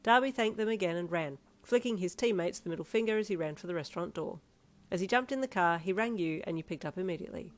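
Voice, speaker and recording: A woman narrating a second-person fanfiction audio story in an even storytelling manner. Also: on the low side, quick pace. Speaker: fanfiction reader.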